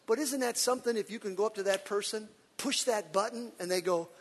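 Animated high-voiced preaching man. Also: fast talker, hardly any pauses, big-room sound. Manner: animated, preacherly, acts out quotes with shouts and laughs. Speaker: pastor. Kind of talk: sermon.

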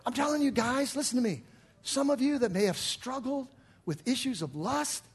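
Older male pastor, very high husky voice, lively preaching that dips soft and rises to shouts. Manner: animated preaching, swings from hushed to shouting. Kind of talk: sermon.

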